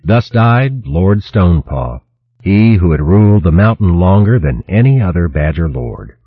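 Deep husky male audiobook narrator. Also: a little slow, dry recording. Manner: expressive, dramatic. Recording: dull lo-fi recording.

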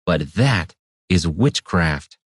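A man's voice: deep voice, lively intonation, slow, slightly rough, no echo, clean studio sound, heavily acted. A man voicing a timid, nervous male cobbler in a fantasy audiobook, pleading and anxious.

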